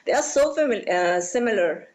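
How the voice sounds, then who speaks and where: A woman's voice: mid-range voice, animated, normal speed. A woman in her forties from Pakistan with a Pakistani English accent, a guest telling stories in an interview, chatty and rambling with lots of "you know" and "like" fillers. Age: 40s. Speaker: interview guest, beauty influencer. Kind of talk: casual interview talk.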